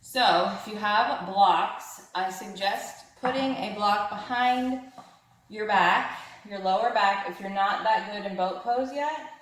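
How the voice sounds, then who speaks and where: A woman's voice: medium pitch, takes it slowly. Breathless woman leading yoga. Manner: upbeat, encouraging, breathy cues. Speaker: yoga instructor. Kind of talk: guided yoga class cues. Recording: very echoey room.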